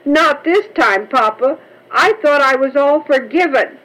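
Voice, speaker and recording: A woman's voice: high-pitched, expressive, measured pace, fairly bright tone, voice pushed up, rough recording. A woman voicing a tearful little girl under ten who pleads with her father. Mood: pleading. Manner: pleading, sobbing.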